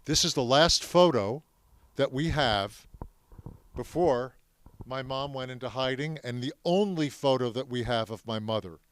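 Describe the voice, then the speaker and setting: A man's voice: mid-range voice, measured pace, a bit bright, dry recording. A man telling his family's story to students in a classroom, speaking emphatically and asking them questions. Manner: emphatic, addresses the audience with questions. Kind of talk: classroom talk.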